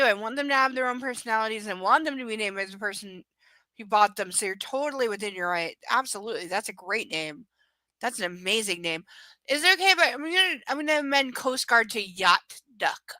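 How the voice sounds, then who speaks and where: A woman's voice: on the high side, fairly quick, sharp tone, no room sound. A woman reading a romance novel aloud on a live stream, breaking off for chatty, sarcastic asides and casual swearing. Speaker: live reader and commentator.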